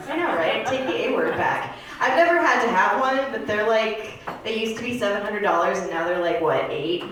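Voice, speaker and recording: A thirty-year-old woman performing stand-up in a comedy club, telling confessional stories in a rambling, deadpan way. Her voice sits at an ordinary middle pitch. It comes from a distance and rings around a very echoey room. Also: a little fast, few pauses, a little hiss or hum. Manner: deadpan, rambling confessional delivery with filler words.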